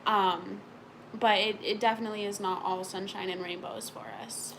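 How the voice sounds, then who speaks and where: A sleepy woman answering viewer questions in a casual chat, halting and searching for words as she rambles. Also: mid-range voice, steady tone, fairly bright tone, a little hiss or hum, rough recording.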